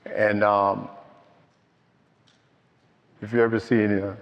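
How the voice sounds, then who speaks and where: An older man telling his own story at a recovery meeting, slow and halting, heartfelt. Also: lowish voice, little pitch movement. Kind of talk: personal testimony. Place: meeting hall. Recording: dull, with long hall echo.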